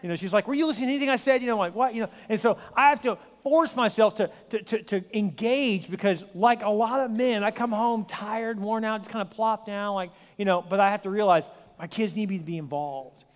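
A man in his forties, a pastor preaching a sermon with energetic storytelling and self-deprecating humor. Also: high voice, fairly quick, hardly any pauses. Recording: long hall reverb.

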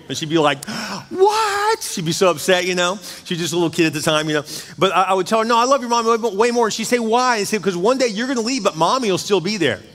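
A middle-aged man delivers a sermon in a high, light voice. His preaching is chatty and lively, and he keeps addressing the congregation directly. The sound rings with the long reverb of a large church hall. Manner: conversational, energetic preaching with asides to the congregation. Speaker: pastor. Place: church sanctuary.

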